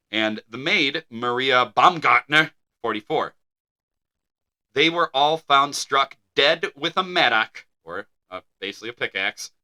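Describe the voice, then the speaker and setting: A man reading an article aloud on a podcast, dropping wry asides as he goes. His voice is very bright and sharp, at a middling pitch. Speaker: podcast co-host. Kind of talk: reading a story aloud in casual banter.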